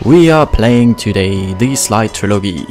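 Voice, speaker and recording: A man from Germany with a German accent, giving relaxed, self-deprecating commentary while playing a video game. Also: lowish voice, measured pace, soft background music. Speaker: let's play gamer. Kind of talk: casual gameplay commentary.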